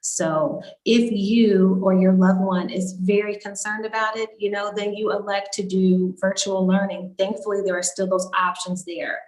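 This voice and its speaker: A woman's voice: medium pitch, little pitch movement, moderate pace, few pauses, darkish tone. A woman doctor on a video call town hall, explaining health guidance in a reassuring way. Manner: reassuring, explanatory, frequent "you know". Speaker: doctor panelist.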